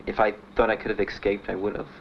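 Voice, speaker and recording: Older man, interviewee, halting and plain, fillers throughout; dull, slightly noisy archival audio. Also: on the low side, flat delivery, gravelly. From Miami. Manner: plain, halting storytelling with many "uh"s and "you know"s. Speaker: Vietnam veteran interviewee. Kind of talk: personal recollection in an interview.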